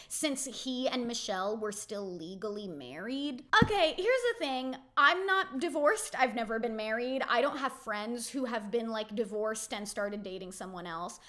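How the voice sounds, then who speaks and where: Young woman, fairly high voice, opinionated reality TV recap, casual chat full of "like". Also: fairly bright tone. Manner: chatty, opinionated, heavy use of "like".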